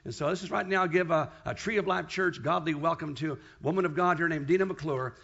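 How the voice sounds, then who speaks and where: A man's voice: on the high side, a little fast, gravelly, a bit bright, highs cut off. A man with a South African accent, a pastor introducing a guest speaker in a church service. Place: church sanctuary.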